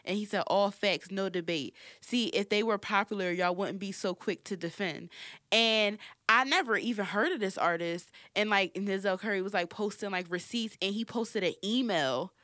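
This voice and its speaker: A young woman co-hosting a podcast in casual chat, full of "like" fillers and swearing, jumping high when she gets worked up. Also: normal speed, a bit bright, dry recording, clean studio sound. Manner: filler-heavy, profane, rises high when heated. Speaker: podcast co-host.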